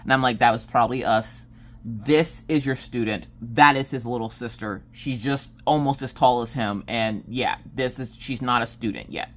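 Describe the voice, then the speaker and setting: A woman's voice: a bass voice, normal speed. A woman crafting on camera and chatting casually, rambling through a story and acting out what everyone said. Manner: rambling storyteller who acts out quoted dialogue. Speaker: crafting vlogger and streamer. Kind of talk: casual chat while crafting.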